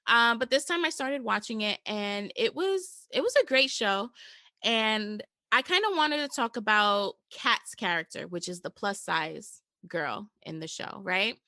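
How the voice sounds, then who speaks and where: A woman's voice: medium pitch, expressive, a little slow, pushed and bright, no echo. A young woman from New hosting a podcast, chatting casually and informally. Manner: chatty, informal, says "girl" and "y'all". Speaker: podcast host.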